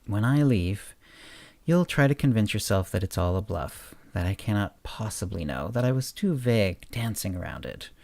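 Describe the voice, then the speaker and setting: A man reading a story aloud, voicing a calm, confident man who taunts a prisoner. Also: on the low side, moderate pace, creaky, dry recording. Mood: calm menacing.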